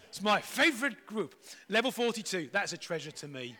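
A man's voice: high-pitched, very animated, a little fast, sharp tone, a little hiss or hum. Guy doing a kids' talk at church, bouncy and playful, voice swoops all over. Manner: playful, chatty, jokey. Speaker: children's talk leader.

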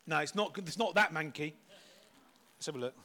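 Upbeat middle-aged man, high bright voice, jokey children's talk leader. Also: fairly quick, slight background noise. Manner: playful, chatty, jokey.

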